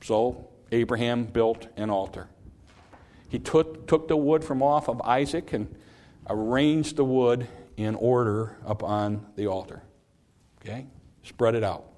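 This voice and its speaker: A middle-aged man preaching a sermon, earnest, repeating phrases and rising in pitch on points he stresses. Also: a little slow, darkish tone. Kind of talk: sermon, Bible teaching.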